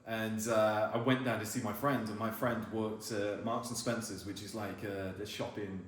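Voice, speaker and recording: A man's voice: fairly low pitch, steady tone, moderate pace. A British man telling a story in casual, chatty conversation. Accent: British English. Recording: echoey room with faint noise.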